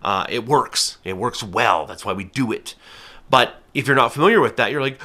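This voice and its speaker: A man's voice: medium pitch, lively intonation, moderate pace, pushed and bright. A man hosting his own channel, explaining a hobby carefully and earnestly, with everyday examples. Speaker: falconer and channel host. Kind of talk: casual educational talk to camera.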